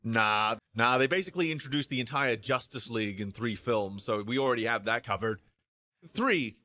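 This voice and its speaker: Bright, stammering male streamer. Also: medium pitch, a little fast, no room sound. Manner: stammering, animated, acts out both sides of imagined dialogue. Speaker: streamer discussing films. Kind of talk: casual rant on a livestream.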